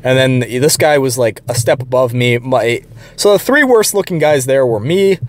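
A man's voice: medium pitch, expressive, moderate pace. Blunt, profane young man ranting. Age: young adult. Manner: blunt, profane, rambling with restarts. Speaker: channel host. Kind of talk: casual storytelling rant.

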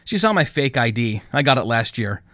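A man voicing a calm, self-assured young woman of nineteen in an audiobook, speaking in an even, composed way. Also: medium pitch, brisk, no echo, clean studio sound.

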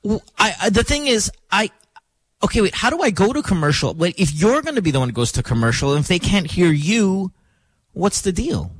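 A man hosting a morning radio show in a studio, talking casually in an animated, joking, playfully dramatic way. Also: high-pitched, a little fast, slightly rough, no echo. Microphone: studio microphone.

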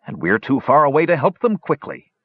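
A man's voice: fairly high pitch, very animated, a little fast, slightly rough, dry recording, phone-quality sound, voice pushed up, exaggerated voice. A man voicing an impulsive, earnest male dwarf leader who speaks urgently. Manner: urgent, frustrated.

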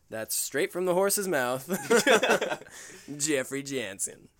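A man with a somewhat high voice hosts a casual podcast, chatty and quick to laugh as he introduces segments. His voice is recorded close and dry, with no room sound. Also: very animated, a bit bright, dry recording. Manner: chatty, laughs between phrases. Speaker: podcast host.

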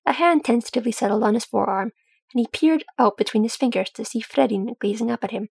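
Woman, story reader, steady narration, husky, dry close sound. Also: on the high side, quick pace, no room sound. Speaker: audiobook reader. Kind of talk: fan fiction reading.

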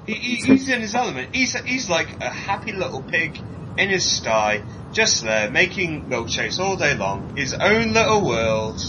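A man co-hosting a podcast, animated and jokey, chatting about a TV episode and mimicking people in silly voices. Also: unhurried. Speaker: podcast co-host. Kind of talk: casual chat reviewing a TV episode. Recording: muffled sound with clear vehicle rumble.

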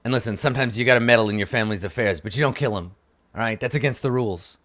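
A man's voice: medium pitch, racing, a bit bright, natural voice. A man voicing a bitter, scheming male corporate middle manager who grumbles conspiratorially. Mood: pleading.

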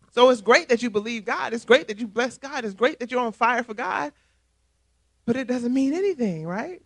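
A man's voice: sits high, dry recording. A man, a church elder, preaching a sermon, reading scripture and telling stories in an emphatic, conversational way. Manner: emphatic, conversational, animated storytelling.

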